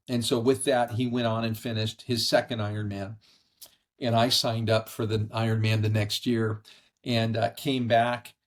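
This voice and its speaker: A middle-aged man tells a personal story as a podcast guest, earnest and animated. His voice sits at an ordinary middle pitch. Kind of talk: conversational storytelling. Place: brother-in-law's house.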